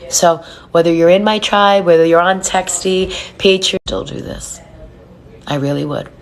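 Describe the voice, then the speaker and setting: A woman speaking earnestly and from the heart to her online followers during a live reading, sometimes slowing into soft, hushed phrases. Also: fairly low pitch. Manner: earnest and heartfelt, speaks softly and slowly at times. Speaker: spiritual reader and numerologist. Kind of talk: live-stream talk to followers.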